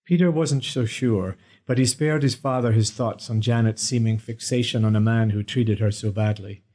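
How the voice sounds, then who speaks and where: A man narrating a romance audiobook in a steady storytelling manner. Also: on the low side, normal speed. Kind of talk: scripted narration.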